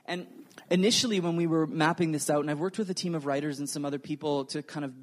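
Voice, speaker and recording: Earnest man preaching, slightly high voice. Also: fast talker. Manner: earnest, animated storytelling with acted quotes. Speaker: pastor. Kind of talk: sermon.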